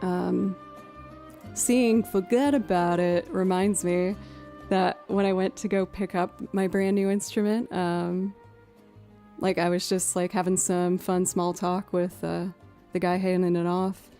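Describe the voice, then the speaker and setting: A woman's voice: lowish voice, monotone, unhurried, mellow, faint music behind. A woman in her thirties from outside Boston, chatting casually with viewers on her stream in a rambling way, full of fillers and a Boston accent with a hint of Southern. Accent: Boston with a creeping Southern twang. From New England, outside Boston. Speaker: streamer and musician. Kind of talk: casual live-stream chat.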